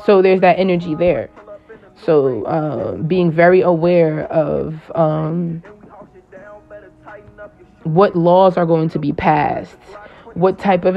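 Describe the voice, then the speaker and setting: A woman's voice: deep voice, slow pace, creaky, pauses often, muffled recording. A woman astrologer talking casually and at length, full of slang and swearing, with frequent laughs. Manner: rambling, slangy and profane, laughs often.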